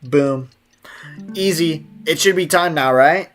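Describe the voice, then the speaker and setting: A man's voice: fairly high pitch, slow pace, fairly bright tone, faint music behind. A man streaming a game, chatting casually and jokingly, reading messages from his chat aloud.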